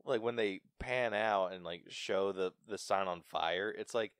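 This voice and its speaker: A podcast co-host with a low, clear, resonant voice chats casually about a film at a measured pace, acting out its lines and laughing along the way. He comes across as animated. The recording is dry and studio-clean.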